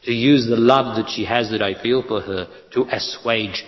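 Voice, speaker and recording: A man's voice: medium pitch, fairly even intonation, normal speed. Man, spiritual teacher, emphatic, blunt, rhetorical questions, dull lo-fi recording, hall echo. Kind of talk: spiritual talk to an audience. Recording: lo-fi echoey hall.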